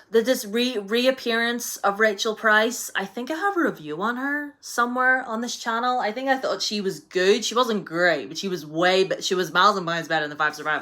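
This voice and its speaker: A young woman casually reviewing a book on her vlog, chatty and animated, full of "you know" fillers. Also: medium pitch.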